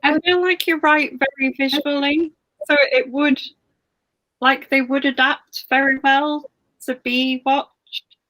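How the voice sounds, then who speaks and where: A woman leads a casual interview, friendly and a little tentative in her questions. Her voice is quite high. The sound is close and dry, with no room around it. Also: steady tone, takes it slowly, fairly bright tone, dry recording. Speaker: book club interviewer. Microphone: video call.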